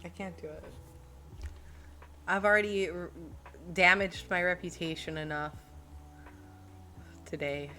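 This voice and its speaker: A woman's voice: on the low side, measured pace, pauses often, pushed and bright, slight background noise. A woman streamer reading a book aloud and stopping to chat and joke with her live viewers.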